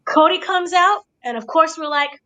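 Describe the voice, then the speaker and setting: A woman hosting a casual review chat, giving an excited blow-by-blow recap and checking in with her listeners. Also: extremely high pitch, moderate pace, poor audio. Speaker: podcast host.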